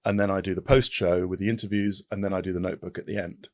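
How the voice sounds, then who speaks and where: A man in his fifties, a podcast guest, talking in an animated way with quick restarts and repetitions. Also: low voice, dry recording. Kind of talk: casual interview chat.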